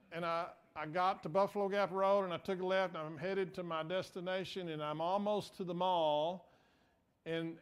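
A man's voice: on the high side, clear, resonant tone. A male pastor, telling a story in a conversational, self-deprecating sermon. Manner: conversational, self-deprecating, acts out quoted voices.

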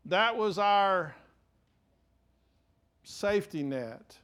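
Middle-aged male pastor, fairly high voice, halting but emphatic preaching. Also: lively intonation, clear, resonant tone. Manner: halting restarts, swings from quiet to emphatic. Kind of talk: sermon.

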